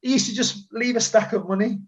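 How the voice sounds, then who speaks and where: A man's voice: high voice, steady tone, fairly quick. A man who is a former footballer, guest on a podcast, telling rambling casual stories with quoted asides. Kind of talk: casual storytelling chat.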